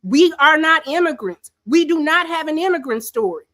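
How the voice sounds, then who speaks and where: A woman's voice: sits high, lively intonation, moderate pace, fairly bright tone. A woman hosting a livestream, giving emphatic, scolding political commentary with turns of phrase. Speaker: livestream host.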